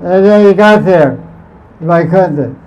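A man with a high voice tells a devotional story the way a spiritual teacher would. He rambles, chuckles and often restarts his sentences. The recording is dull and lo-fi. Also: measured pace, a little mellow, a little hiss or hum. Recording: muffled lo-fi recording.

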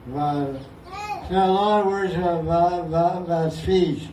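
In warm, high tones with fairly even intonation and a measured pace, a man explains verses in casual class talk, often laughing and mimicking sounds playfully for the group. Slight background noise and echo come through, and he's recorded from far away.

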